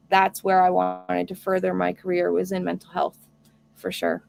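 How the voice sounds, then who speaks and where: Chatty woman with a gravelly voice. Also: lowish voice. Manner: earnest, chatty, reads viewer comments aloud. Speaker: homestead live stream host. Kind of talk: casual live stream chat.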